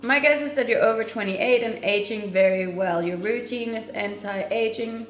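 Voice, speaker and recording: A cheerful woman in her twenties from Denmark, hosting a livestream from home and answering viewers with teasing humor. Her voice sits a little high, and the room gives it a noticeable echo, with faint music playing underneath. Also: moderate pace. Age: 20s. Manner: cheerful, teasing, laughs often. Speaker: livestream host. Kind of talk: casual chat reading viewer comments. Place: home kitchen.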